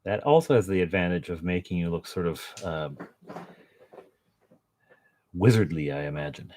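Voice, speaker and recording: A man's voice: deep voice, expressive, moderate pace, a little mellow. A man chatting casually to his viewers while painting at home, joking about himself and chuckling often. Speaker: painting vlogger.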